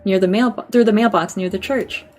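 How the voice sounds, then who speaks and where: Gossipy lonely ghost man from a game, read plainly by a woman; mid pitch, faint music. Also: brisk, darkish tone, natural voice. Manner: reads game dialogue aloud plainly.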